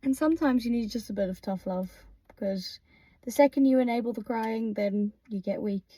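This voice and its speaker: A young woman chats casually and scolds in a blunt, sweary way. Her voice sits a little high. The sound is dry and close, with no room echo. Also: normal speed, dark tone. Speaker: co-host. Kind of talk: casual chat.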